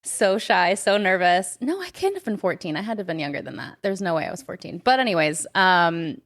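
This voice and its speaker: A young woman co-hosting a podcast, chatty and animated as she tells stories. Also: on the low side, fairly quick. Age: young adult. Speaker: podcast co-host. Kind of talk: casual chat.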